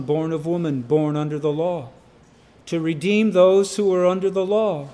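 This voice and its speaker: A man delivers a sermon in a high-pitched voice, taking his time over every phrase. He repeats key words for emphasis and rises to sudden loud cries on the important lines. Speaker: preacher.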